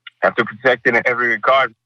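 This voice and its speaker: A man's voice: medium pitch, very fast, no room sound, muffled recording. A man who is a painter, talking casually and animatedly in an interview, swearing freely and acting out what other people say. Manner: animated, profane, acts out quoted voices. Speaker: artist guest.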